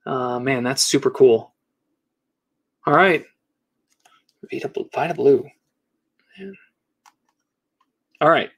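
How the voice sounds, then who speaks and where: Man, middle-aged, casual card-break host, reads off names while opening packs, mid-pitched voice. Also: takes it slowly, pauses often, a bit bright. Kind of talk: casual live box break commentary.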